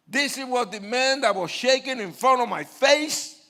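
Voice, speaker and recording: A man's voice: very high voice, normal speed. An older man preaching his testimony to an audience, telling his story vividly, acting out voices and joking in asides. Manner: animated storyteller, acts out quotes, bursts into shouts; addresses the audience directly, jokes in asides.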